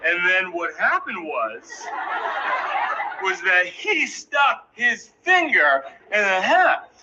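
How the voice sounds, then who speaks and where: A man in his thirties tells an embarrassing story on stage, anxious and self-mocking. His voice sits a touch high for a man. The live recording is dull and carries a lot of noise. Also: very animated, slow pace. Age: 30s. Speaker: stand-up comedian. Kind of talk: stand-up comedy storytelling.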